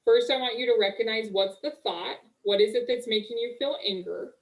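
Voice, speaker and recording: A young woman working as a marriage coach, talking casually and warmly on a live webinar, full of "like" and "okay", speaking through a video call mic. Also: a little high, fairly quick, low-quality recording. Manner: chatty, upbeat, full of "like" and "okay".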